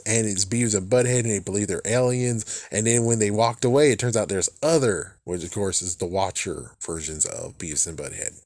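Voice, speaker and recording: A man's voice: on the low side, darkish tone, no echo. A young man recapping a movie in a loose, rambling way, swearing freely and restarting his sentences. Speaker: movie reviewer.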